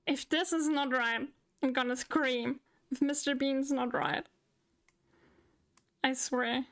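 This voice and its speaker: A woman streaming live, chatting, thinking aloud and getting excited. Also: high voice, slow pace. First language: German. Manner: excitable, talks to herself while thinking. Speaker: VTuber streamer. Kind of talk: live game stream chat.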